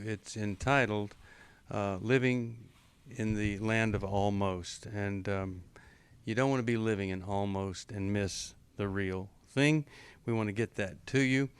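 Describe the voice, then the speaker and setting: Smooth-voiced male radio host. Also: lowish voice, fairly even intonation, measured pace. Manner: friendly, steers the conversation. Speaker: radio talk show host. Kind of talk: call-in radio talk. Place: radio studio.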